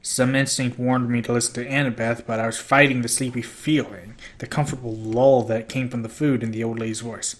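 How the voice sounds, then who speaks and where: Male amateur narrator, mid-range voice, steady first-person reading. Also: mid-range voice, brisk, hardly any pauses. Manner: steady first-person storytelling with small slips. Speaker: audiobook reader.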